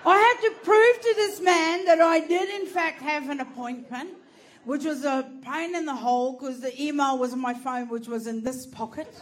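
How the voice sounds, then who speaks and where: A woman's voice: sits high, normal speed, a little hiss or hum. A woman doing stand-up, telling a story animatedly, swearing and laughing through it. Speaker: stand-up comedian.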